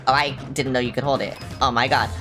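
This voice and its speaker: Young woman, low voice, casual game streamer, swears, self-mocking, faint music behind. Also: fairly even intonation, fast, a bit bright. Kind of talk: casual live-stream chatter.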